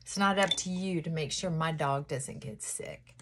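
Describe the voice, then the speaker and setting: Doing her makeup at home, a lifestyle vlogger chats casually in a get-ready-with-me video, rambling, cutting herself off, and often laughing and sighing. Her voice is low and her pace moderate, with heavy background noise behind her.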